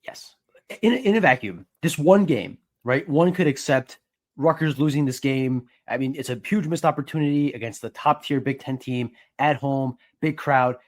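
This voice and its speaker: A man co-hosting a sports podcast as a reporter, giving measured, analytical takes in casual chat. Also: medium pitch.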